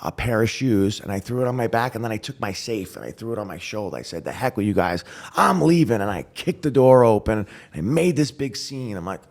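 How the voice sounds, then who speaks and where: A man guest on a podcast, telling his recovery story with animated storytelling, acting out voices and dropping to a whisper at grim moments. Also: lowish voice. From New York. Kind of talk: emotional storytelling.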